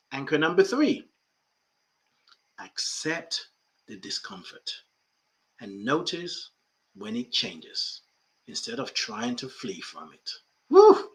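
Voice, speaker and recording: A man's voice: medium pitch, pushed and bright. A man hosting a spiritual coaching podcast, emphatic and repeating key phrases, with playful asides. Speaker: life coach and podcast host.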